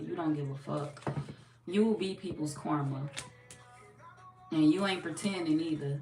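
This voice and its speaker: A woman giving a casual live tarot reading. She talks bluntly and profanely, chats with her viewers, and is slightly hoarse from losing her voice. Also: sits low. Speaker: tarot reader. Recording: echoey room, distant mic, background noise.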